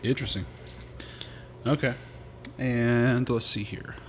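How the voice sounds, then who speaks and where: A man hosting a casual chat, reading magazine pages aloud in a relaxed, wry way with frequent hesitations. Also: mid-range voice, slow, slight background noise. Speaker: podcast host.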